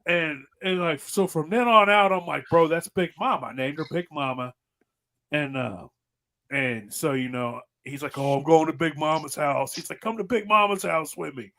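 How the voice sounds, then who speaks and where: A slightly high-voiced man with a drawl, swearing freely as he rambles through stories in a casual podcast chat. He laughs easily and keeps circling back to the punchline. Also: normal speed, bright, forceful tone. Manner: profane, rambling, laughing storyteller. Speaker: podcast host.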